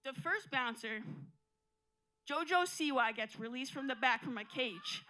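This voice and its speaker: Female stand-up, dry and absurd, crisp bright tone. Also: sits high, expressive, unhurried, poor audio. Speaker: stand-up comedian. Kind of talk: live stand-up comedy. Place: comedy club stage with audience.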